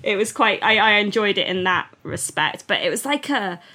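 A woman in her thirties, co-hosting a podcast, telling stories in a chatty way with quick laughs. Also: mid-range voice, expressive, pushed and bright. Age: 30s. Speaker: podcast co-host. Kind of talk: casual chat.

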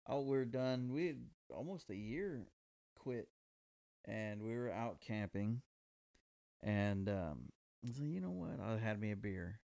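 A man's voice: on the low side, slow, darkish tone, no room sound. A man in casual chat, agreeing readily and chiming in with his own story.

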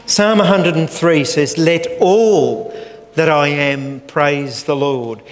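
An older man delivers a sermon slowly and earnestly. His voice sits a little high. The sound carries a long church hall reverb with faint room noise behind it. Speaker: preacher.

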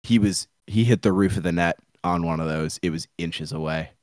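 An American man co-hosting a sports podcast in casual chat, joking dryly and trailing off quietly. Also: sits low, a little fast, no room sound, clean studio sound. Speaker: podcast co-host.

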